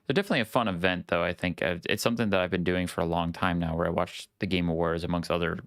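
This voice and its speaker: A man hosting a gaming podcast, talking casually and at length in a relaxed, rambling way. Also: deep voice, racing, no room sound, clean studio sound. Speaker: podcast host.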